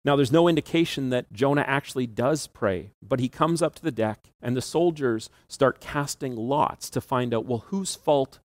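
A male pastor preaching a sermon, retelling the story in a relaxed, conversational way with occasional laughs. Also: medium pitch, normal speed, few pauses, no echo.

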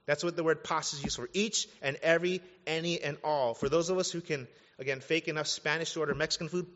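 A man in his thirties, a pastor preaching an animated, conversational sermon with casual asides. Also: on the high side, fast. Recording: dull sound, long hall reverb.

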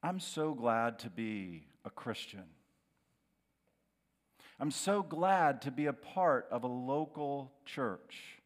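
A middle-aged man preaching a sermon as a pastor, dramatic, dropping to a hushed, slow voice on key words. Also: mid-range voice, lively intonation. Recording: long hall reverb.

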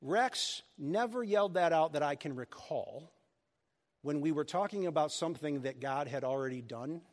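A man preaching a sermon as pastor of a church, animated and joking with his congregation. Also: a little high, normal speed. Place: church sanctuary. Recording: long hall reverb.

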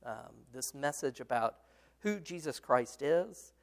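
A man's voice: mid-range voice, lively intonation, slow pace, vocal fry. A man leading a Bible study discussion, explaining a passage with many fillers and restarts and answering his students. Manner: explains patiently, responds to students.

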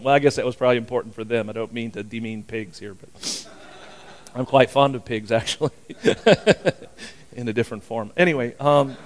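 An older man preaching a sermon as pastor, folksy and rambling, chuckling often as he talks. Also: mid-range voice.

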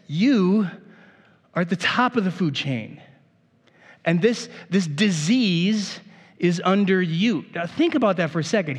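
A man's voice: sits high, long reverb tail. A man preaching a sermon as pastor in a casual, conversational way, often restarting his phrases.

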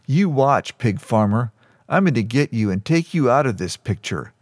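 A man reading aloud plays a spiteful teenage bully in an audiobook, sneering and full of threats. The voice sits in a middle pitch and is recorded close and dry. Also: lively intonation, normal speed, no echo, lightly acted. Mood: threatening.

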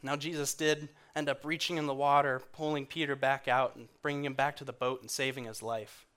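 A man preaching in a church, earnest and conversational, going quiet and soft when he quotes others. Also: mid-range voice, level tone, fairly quick, clear, resonant tone. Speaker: guest speaker in church. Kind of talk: sermon.

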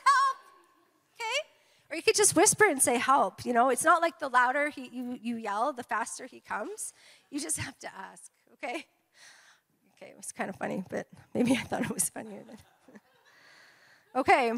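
Woman pastor, high voice, lively sermon delivery with constant call-and-response checks, church hall reverb. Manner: animated, frequent "amen?" and "okay?" to congregation. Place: church sanctuary.

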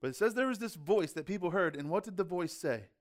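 A male pastor with a notably high voice delivers a sermon in a relaxed, conversational way. He poses rhetorical questions to his listeners and drops in casual asides as he explains his point. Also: fast talker.

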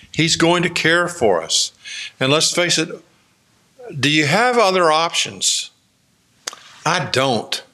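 A man preaches a sermon at an unhurried pace, easing into his points with filler words. His voice has a bright, forward tone. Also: medium pitch. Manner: slow, conversational storytelling with many fillers. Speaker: pastor.

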